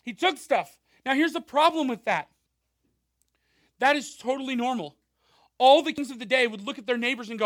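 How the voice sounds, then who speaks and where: A male pastor giving a conversational sermon, animated, with frequent asides and rhetorical questions. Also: extremely high pitch, moderate pace, long pauses, no room sound, clean studio sound.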